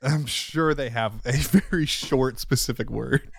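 A man's voice: mid-range voice, unhurried, vocal fry, no echo, clean studio sound. A man co-hosting a podcast, telling stories in casual chat and laughing often. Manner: chatty storyteller, laughs often. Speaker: podcast co-host.

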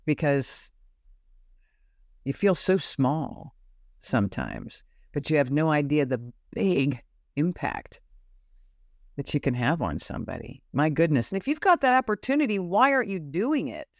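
A woman guest shares personal faith stories in a deep, sing-song voice, speaking unhurriedly. She sounds earnest and searching, often repeating herself as she hunts for the right words, and the studio-quality recording has no room sound.

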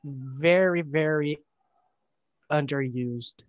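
A man co-hosting a casual podcast, given to dry jokes and mock-formal greetings. He speaks very slowly, in a slightly high voice. The sound is dry and close. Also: no room sound, lo-fi sound. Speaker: podcast co-host.

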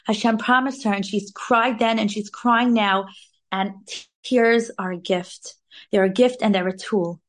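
A woman giving an informal, animated weekly Torah talk, sprinkling in Hebrew terms. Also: medium pitch, unhurried. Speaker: Torah class speaker.

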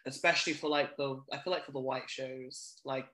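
A blunt, gossipy podcast co-host chatting casually and getting animated when worked up. The room leaves a noticeable echo around the voice. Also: mid-range voice, brisk, a crowd in the background. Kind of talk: casual chat.

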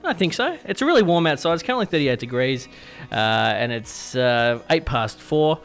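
A man's voice: fairly high pitch, very animated, normal speed, fairly bright tone, clear, resonant tone, soft background music. A young Australian man hosting a casual radio show, chatty and self-deprecating, sometimes stumbling over his words. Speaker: radio host. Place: radio studio.

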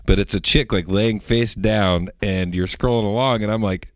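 A male podcast co-host chats casually in a low-ish, steady voice at a moderate pace. The studio sound is clean with no echo, and he rambles with plenty of fillers and restarts.

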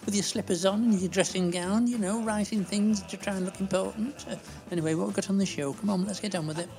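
A woman's voice: mid-range voice, steady tone, fast, lightly acted. A woman playing a gossipy, bossy older lady who muddles her words and scolds the host. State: out of breath.

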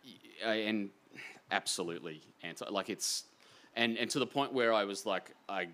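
An Australian man, an author guest in a casual interview, talking in an excitable, rambling, self-deprecating way. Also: lowish voice, normal speed.

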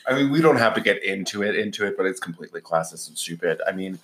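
A man's voice: deep voice, lively intonation, fast talker, fairly bright tone. A man co-hosting a podcast in casual chat, giggling often and full of "like" fillers. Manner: giggly, chatty, lots of "like" fillers. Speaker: podcast co-host.

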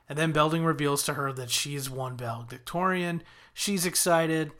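A man's voice: fairly high pitch, measured pace. A man casually recapping a TV episode as a podcast host, quoting characters' lines as he retells it. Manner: animated retelling with quoted lines.

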